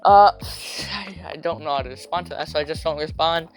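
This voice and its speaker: A young man telling a rambling, slangy storytime rant, hopping into quick voices for quotes. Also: fairly high pitch, soft background music.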